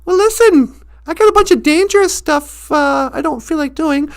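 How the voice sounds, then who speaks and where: A woman's voice: sits high, normal speed. A woman voicing a mean, bossy little girl who whines and exclaims. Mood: wheedling.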